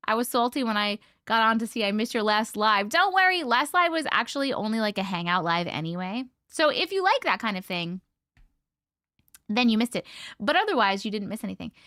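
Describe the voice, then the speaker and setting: A woman's voice: very animated, fairly quick, sharp tone, no room sound, clean studio sound. A woman hosting a casual livestream, chatting and greeting viewers by name with a bubbly, laugh-ready manner. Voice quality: naturally high-pitched voice. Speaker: livestream host.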